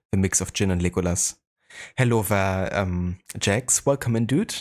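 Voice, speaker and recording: German accent guy streaming games, real low voice, chill and chatty, lots of uh and like. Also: takes it slowly, a little mellow. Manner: laid-back, chatty, greets viewers, frequent fillers. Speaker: game streamer. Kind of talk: casual live-stream chat.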